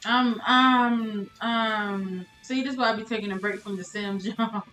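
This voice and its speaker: A woman's voice: fairly high pitch, fairly even intonation, a little slow, fairly bright tone, echoey room, faint music behind, rough recording. A woman streamer commentating a life-sim game live, exasperated and laughing as she talks to her chat.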